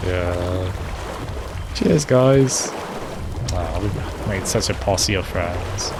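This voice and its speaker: A man's voice: deep voice, extremely slow, background noise. A man giving live commentary on a game, chatting with viewers and laughing often. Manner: chatty, laughs often, talks to chat by name. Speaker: game streamer.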